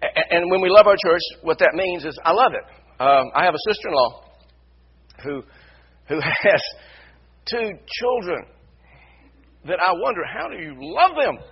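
A man preaching a sermon as pastor, repeating his phrases and building to loud emphasis. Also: high-pitched, lively intonation, unhurried, gravelly, pauses often, slightly rough, highs cut off. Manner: repetitive, builds to shouted emphasis. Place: church sanctuary.

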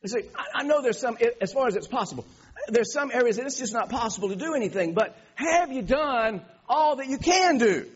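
Preacher guy telling a story, kinda high and husky, lots of restarts, dull sound. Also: fairly quick. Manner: animated, restarts, laughs at his own story. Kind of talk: storytelling sermon. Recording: dull lo-fi recording.

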